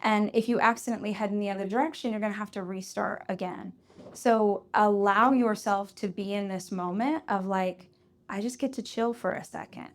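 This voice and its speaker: A woman host speaks to a live audience at a Q&A, giving advice in a relaxed, conversational way. She now and then acts out quoted voices. Her voice sits at a middle pitch. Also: normal speed. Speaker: podcast host answering audience questions. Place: live event before an audience.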